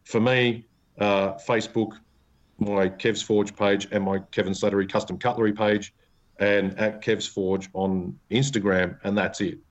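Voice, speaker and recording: A man's voice: fairly low pitch, steady tone, unhurried, highs cut off. A man hosting a casual podcast chat, rambling through his points and laughing often. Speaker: podcast host, knife maker.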